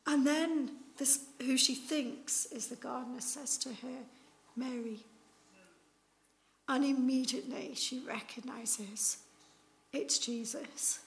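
Woman preacher, higher voice with gravelly fry, chatty storytelling sermon. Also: fairly even intonation, measured pace. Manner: chatty storytelling with many fillers. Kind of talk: informal Easter sermon.

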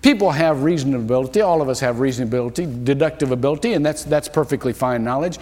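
A man preaching a sermon as pastor, telling the story with lively, acted-out quotes. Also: medium pitch, quick pace. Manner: animated storytelling, acting out quoted voices. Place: church sanctuary. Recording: long hall reverb.

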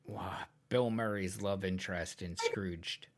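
A woman with an unusually deep voice chats casually as a podcast co-host. She speaks slowly and unhurriedly, and laughs often at the others. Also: fairly even intonation. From Rhode Island. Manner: laughs often, slow and low. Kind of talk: casual chat.

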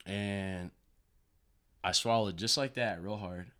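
A young man telling a painful personal story in a casual, halting way, full of restarts and fillers. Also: lowish voice, pushed and bright, smooth. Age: young adult.

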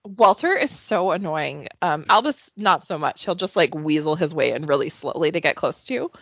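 A woman's voice: deep voice, moderate pace, no echo. A woman from Canada co-hosting a podcast in casual chat, telling stories and giggling often. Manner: giggly, animated storyteller. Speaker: podcast co-host. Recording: dull, dry sound.

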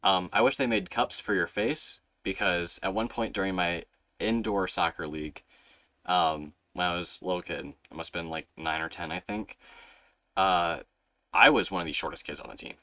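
Low-voiced young man telling a rambling story. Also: moderate pace, sharp tone, dry recording. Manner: rambling storyteller, swears freely, acts out his younger self in a higher voice. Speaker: podcast host. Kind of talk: casual chat.

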